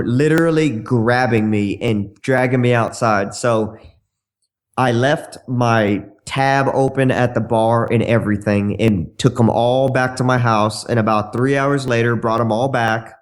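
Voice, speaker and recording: A man's voice: mid-range voice, unhurried. A man, a podcast guest and dating coach, telling brash, bawdy stories in a casual way. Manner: brash, bawdy, acts out dialogue in shifting voices. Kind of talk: casual anecdote storytelling.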